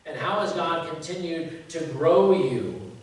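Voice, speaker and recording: A folksy, joking man in his fifties preaching a relaxed sermon and tossing rhetorical questions to the pews. His voice sits a bit high for a man. It is caught from a distance in a very echoey church with a faint hiss. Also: unhurried. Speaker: pastor. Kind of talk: conversational sermon. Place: church sanctuary.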